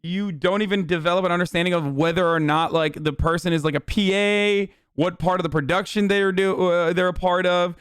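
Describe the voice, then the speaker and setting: A man hosting a live stream, cursing and incredulous as he rants. His high, smooth voice sits close and dry in the recording. He talks in a casual way. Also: steady tone, fairly quick, few pauses, a bit bright, no echo. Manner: profane, heated and incredulous. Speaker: streamer host.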